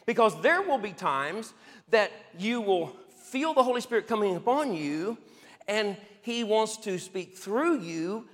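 High-voiced pastor telling a story. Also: male voice, a little slow, in a large hall. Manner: lively storyteller who chuckles often. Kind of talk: testimony-style sermon storytelling.

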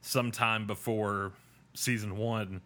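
A man hosting a podcast and walking through an episode recap in a loose, rambling way. He pokes fun at himself as he goes. His voice has a bright, forward edge. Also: fairly low pitch, steady tone, slow. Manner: rambling, self-deprecating, with many fillers and restarts. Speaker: podcast host. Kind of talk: casual episode recap chat.

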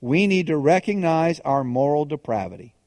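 Guy preaching a sermon, kinda high voice, chatty, keeps restarting, long hall echo. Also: very animated, moderate pace, a little mellow. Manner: conversational preaching with restarts and rhetorical questions. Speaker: pastor.

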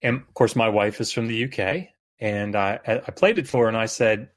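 A man speaking as a guest expert on a podcast, explaining at length with frequent fillers and pauses. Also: on the low side. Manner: hesitant, many fillers. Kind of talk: casual podcast chat.

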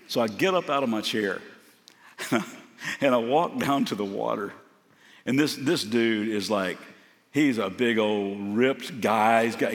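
A man preaching a sermon in a casual, storytelling manner, his voice carrying a long reverb from a large church hall. He speaks earnestly and plainly to his congregation. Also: lowish voice. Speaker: guest preacher.

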